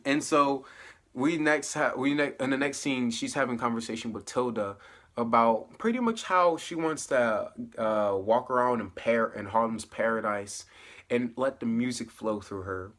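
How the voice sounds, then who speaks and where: Guy doing a casual show recap, lively, laughs a lot, acts out the characters' lines. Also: mid-range voice. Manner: animated, laughing asides, acts out quoted lines. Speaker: TV show reviewer.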